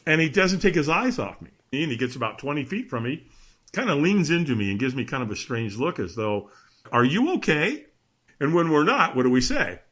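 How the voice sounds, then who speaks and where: A man's voice: a little high, brisk. A middle-aged man, a podcast guest, telling a story with energy and acting out the voices of the people in it. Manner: lively, acts out voices in his story. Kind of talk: animated storytelling.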